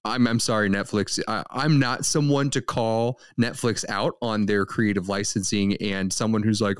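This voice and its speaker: Low-voiced man with dry wit. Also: fairly even intonation, smooth, dry recording. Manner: wry, joking, quick asides. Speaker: podcast co-host. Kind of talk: casual film chat.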